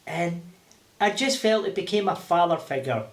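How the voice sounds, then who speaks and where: A man's voice: high-pitched, moderate pace. Glaswegian man telling stories, roomy sound. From Scotland. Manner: animated, laughing, acting out voices. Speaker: interview guest. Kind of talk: casual storytelling. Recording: roomy echo.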